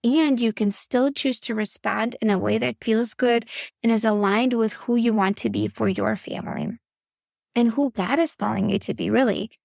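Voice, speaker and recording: A woman coach speaks earnestly and directly to her listener about faith and self-control. Her somewhat high voice has a gravelly edge. It is recorded close up and dry, with no room sound. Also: moderate pace, a little mellow, dry recording. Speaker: podcast host and parenting coach. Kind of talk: faith-based coaching talk.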